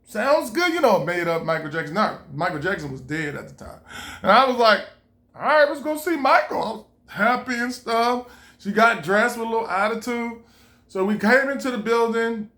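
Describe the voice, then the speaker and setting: A man's voice: high voice, moderate pace. A man telling a personal story in casual style, acting out his own lines and others' with swearing and laughter. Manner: animated, re-enacts dialogue, swears freely, laughs while telling.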